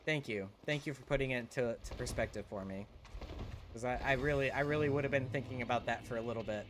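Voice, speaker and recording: A young man with a mid-range, fairly bright voice talks fast while streaming a video game, with a little hiss or hum on the audio. He chats casually with viewers, rambling, swearing, and restarting his sentences often.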